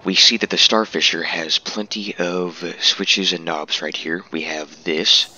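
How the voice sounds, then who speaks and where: Laid-back man narrating a game walkthrough, slow and deep. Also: pushed and bright, dull audio. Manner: laid-back, self-amused. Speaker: game commentator. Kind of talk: casual walkthrough commentary.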